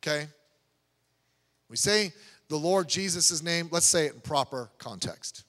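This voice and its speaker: In a church sanctuary, a male pastor gives a sermon in a high, bright, ringing voice. His preaching is loose and conversational, with plenty of asides and restarts, and his intonation is lively while his pace runs a little slow. The hall's long reverb trails after each phrase.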